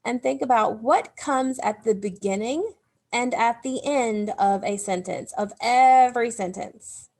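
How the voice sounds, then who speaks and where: A woman's voice: on the high side, unhurried, darkish tone. A woman teacher giving a recorded grammar lesson to young children, explaining step by step in a patient way. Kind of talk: recorded remote phonics lesson.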